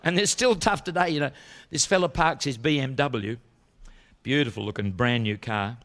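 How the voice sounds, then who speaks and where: A man's voice: mid-range voice, normal speed. Man telling jokes. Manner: relaxed, chatty storytelling with laughs. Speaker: comedian. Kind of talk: stand-up joke telling.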